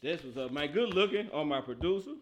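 A man hosting a casual football podcast, talking in animated, slangy banter and laughing often. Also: a little high, a little fast, over loud music. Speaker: podcast host. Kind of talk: casual football talk show.

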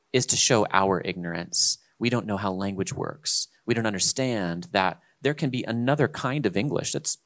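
A man hosting a casual discussion, talking in an emphatic, lecturing way that swings between loud stresses and quiet asides. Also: mid-range voice.

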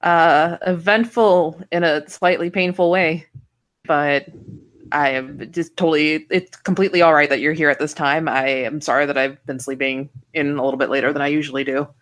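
A woman playing a tabletop game who speaks in a formal, measured, somewhat hesitant manner in character. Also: deep voice, fairly even intonation. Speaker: player.

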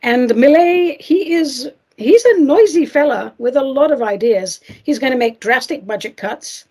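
A middle-aged woman with a somewhat husky voice talks through a casual monologue as a podcast host. Her pitch sits a little high and swings widely. She drops in sarcastic asides and small giggles. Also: animated, a little slow, a little mellow.

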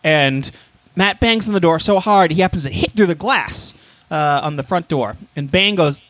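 A man's voice: on the high side, expressive, normal speed, a bit bright, dry recording. A man co-hosting a casual podcast, telling an absurd made-up story full of swearing and filler words. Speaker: podcast co-host. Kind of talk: casual chat, rambling storytelling.

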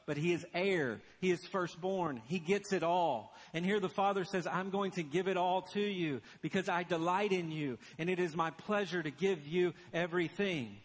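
High-voiced man preaching in a reverberant hall. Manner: earnest preaching, drops to hushed emphasis. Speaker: pastor. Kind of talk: sermon.

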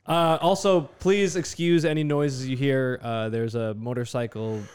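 A man's voice: medium pitch, steady tone, measured pace, very noisy. A man hosting a podcast in casual chat, jokey and teasing, laughing often. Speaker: podcast host.

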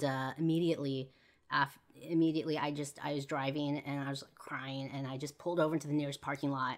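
A young woman hosting a podcast, telling an emotional personal story in a casual way, with frequent fillers and swearing. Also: low-pitched. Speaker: podcast host.

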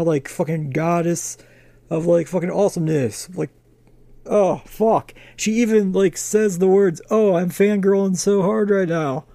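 A man's voice: on the high side, vocal fry, dark tone, no echo. A man ranting in casual profane chat about a comic he hated, exasperated and swearing constantly. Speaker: comic review podcast co-host.

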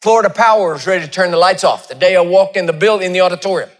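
High-voiced man preaching with dramatic swings. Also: rapid-fire. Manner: dramatic storytelling, swings between loud peaks and hushed asides. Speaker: pastor. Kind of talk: sermon.

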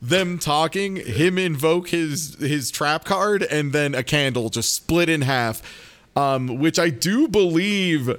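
Slow-talking man, wry and hesitant. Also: a little high, lively intonation, a bit bright. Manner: wry, hesitant, drawn-out asides. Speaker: podcast co-host. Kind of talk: casual chat recapping a TV episode.

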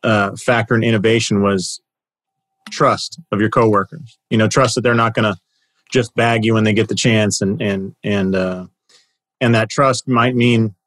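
A man's voice: fairly low pitch, fairly even intonation, moderate pace, a bit bright, no echo. Male podcast host, easygoing and joking, close dry sound. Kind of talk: conversational interview.

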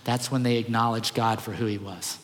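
A man's voice: on the low side, fairly even intonation, fairly quick, long reverb tail. A man preaching a sermon as pastor, earnest and emphatic, repeating key phrases.

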